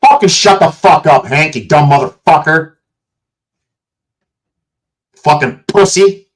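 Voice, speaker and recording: A man's voice: fairly high pitch, slow, rough recording. Furious profane man ranting at his chat. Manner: profane, combative, shouting at chat. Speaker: streamer. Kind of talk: angry livestream rant. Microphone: streaming setup mic.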